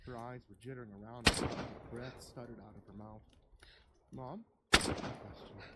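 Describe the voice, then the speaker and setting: A storyteller narrating a spooky first-person Christmas story in a slow, measured, hushed way. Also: mid-range voice, heavy background noise. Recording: loud keyboard typing behind.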